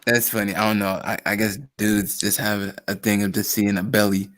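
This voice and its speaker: A man with a low voice chats casually and jokes. He speaks, laughs a lot and restarts his sentences with stammers. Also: little pitch movement, moderate pace, a bit bright. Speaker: podcast co-host. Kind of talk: casual joking chat.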